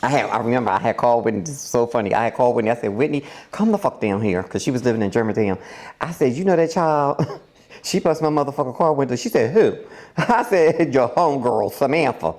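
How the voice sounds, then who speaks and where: A woman hosting a podcast tells a story in loose, profane chat, and her pitch leaps and dips all over as she acts out what people said. She laughs through her lines often. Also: animated, fast, darkish tone. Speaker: podcast host.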